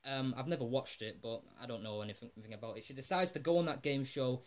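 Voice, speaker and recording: A man talks through a cartoon episode in a loose, rambling recap. His voice sits at a middling pitch, and he gets excitable and drops in casual swearing and plenty of "like" fillers. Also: fast talker. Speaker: episode reviewer.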